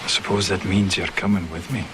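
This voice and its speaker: An actor with a Scottish accent playing a brave young Highland soldier who speaks low, calm and firm. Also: male voice, a little fast, lightly acted. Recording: TV clip with noise behind.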